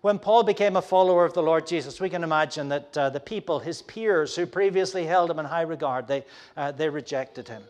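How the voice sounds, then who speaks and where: Man, sermon delivery, slightly high pitch, emphatic with frequent restarts and dynamic swings. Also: fairly quick. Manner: emphatic, many fillers and restarts; swings from soft to loud for emphasis. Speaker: preacher.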